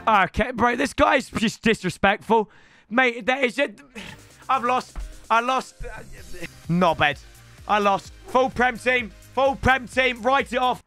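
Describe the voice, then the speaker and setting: A young man giving live commentary on his gameplay, excitable and often shouting and ranting at the game. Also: extremely high pitch, takes it slowly, soft background music. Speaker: gaming YouTuber.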